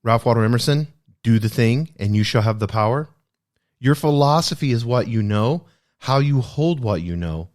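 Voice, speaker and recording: A man's voice: mid-range voice, expressive, moderate pace. A man hosting a podcast, discussing a self-help book in an earnest, reflective way and repeating key phrases for emphasis. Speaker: podcast host.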